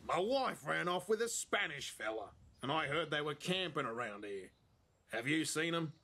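An actor with an Australian accent playing a crude, teasing border guard in a video game, full of slang. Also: male voice, a little high, big pitch swings, normal speed, pushed and bright, full character voice. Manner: brash, teasing, heavy slang. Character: crude joking Australian border guard, middle-aged prankster.

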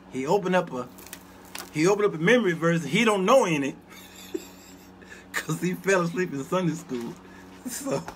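Man, comic storyteller, high bright voice, swooping animated delivery, laughs a lot, chats with viewers. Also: slight background noise. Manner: animated, laughs often, talks back to viewers. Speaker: show host. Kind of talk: comedic storytelling to a live chat.

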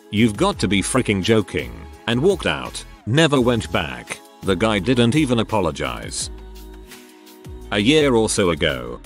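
A man narrating a string of internet stories, reading them aloud with wry asides between them. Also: fairly low pitch.

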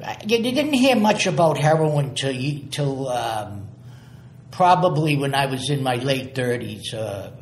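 A man's voice: medium pitch, big pitch swings, unhurried. A man, a guest telling stories in a casual interview, rambling and repeating words as he acts out old conversations. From Somerville, Massachusetts. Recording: echoey room.

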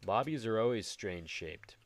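Man, lowish voice, playful rambling gameplay commentary, faint background hiss. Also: animated, moderate pace. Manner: jokey, rambling, talks to himself while building. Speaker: Let's Play host. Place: at home.

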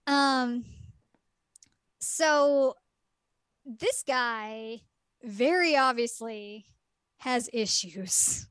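A woman on a podcast, casually retelling a story. She fills her talk with "like" and "um" and breaks in with quick laughs and exclaimed asides. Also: on the high side, fairly bright tone, clean tone, no room sound. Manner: chatty, filler-heavy retelling with lots of "like" and "um". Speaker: podcast co-host reviewing a game.

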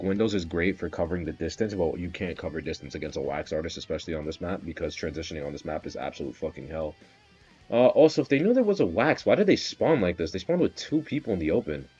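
Excitable, swearing male game streamer. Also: low-pitched, husky, muffled recording. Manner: excitable, swearing, bursts into loud shouts. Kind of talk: casual live game commentary.

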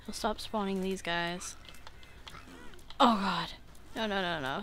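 Bright-voiced woman narrating her gameplay. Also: mid-range voice, slow. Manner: animated, talks to the game, swears. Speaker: gaming channel host. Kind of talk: let's play commentary.

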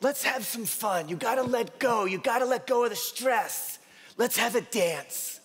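A man on stage putting on the voice of a blunt, feisty eighty-year-old woman patient, raised high and scolding. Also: expressive, measured pace, a bit bright, slightly rough, heavily acted. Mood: playful.

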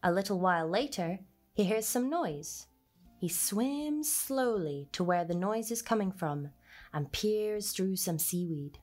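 Woman reading a children's book aloud, unhurried and sing-song, over soft music. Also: fairly low pitch, animated. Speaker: storyteller.

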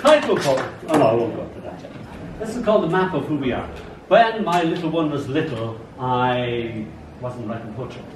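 An older man, a poet, giving a live poetry reading with an expressive storytelling delivery and chatty asides to the audience. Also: medium pitch, normal speed. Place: live reading event in a large space. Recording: roomy, distant live recording with ambient noise.

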